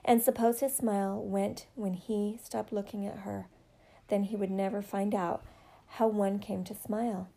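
A woman reading a novel aloud in a steady, measured way. Her voice is low in brightness and mellow, with a gravelly texture and a medium pitch. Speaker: narrator.

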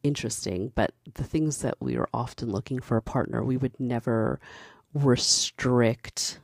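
A woman talks straight to the listener in a casual, opinionated commentary. Her voice is mellow and warm with a gravelly edge. She is candid and passionate, and she builds steadily toward emphatic points. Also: very deep voice, measured pace, no room sound, clean studio sound.

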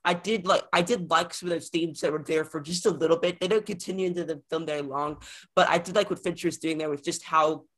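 A man's voice: fairly high pitch, fairly even intonation, fast, fairly bright tone. A man co-hosting a film podcast, chatting casually and rambling as he repeats words while he thinks. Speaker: podcast co-host. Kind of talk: casual film review chat.

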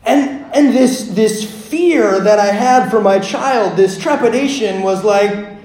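A man with a high voice preaches in a room with a lot of echo. He talks casually, with many fillers, and swings between quiet, reflective stretches and loud, animated storytelling. He sounds like a pastor in his thirties. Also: slow. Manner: conversational, filler-heavy, swinging from hushed to loud. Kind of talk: sermon with personal storytelling. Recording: echoey room.

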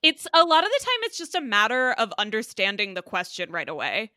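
A woman guesting on a podcast and chatting casually, dropping wry, deadpan remarks. Her voice is bright and crisp, recorded dry and close. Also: medium pitch, a little fast, dry recording. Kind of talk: casual chat.

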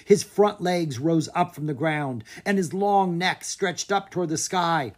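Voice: medium pitch, unhurried, few pauses. An audiobook narrator reading a children's adventure story aloud, giving each character a voice.

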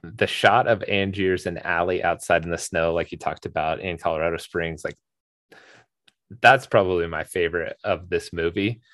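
A man's voice: deep voice, moderate pace, a bit bright, no room sound, studio quality. A man co-hosting a movie podcast in casual chat, rambling with lots of fillers and restarts. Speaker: podcast co-host.

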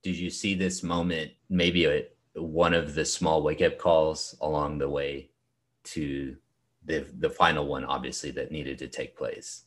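A man's voice: very deep voice, flat delivery, measured pace, a bit bright. A male interviewer who asks questions in an affirming, encouraging way.

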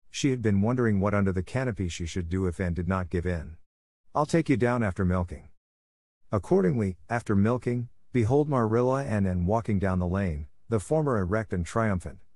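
A man reads a classic story aloud as an audiobook narrator. His voice sits low and moves at a steady, even pace. The recording is dry and close, with no room sound. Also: no room sound. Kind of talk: scripted narration.

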